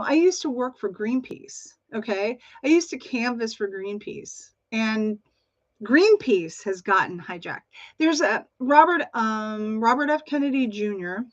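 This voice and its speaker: A woman's voice: medium pitch, a bit bright, no room sound. A woman giving a passionate, rambling monologue to her channel's viewers, restarting often and filling gaps with fillers. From United States. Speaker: channel host. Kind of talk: opinionated monologue to camera. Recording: dull lo-fi recording.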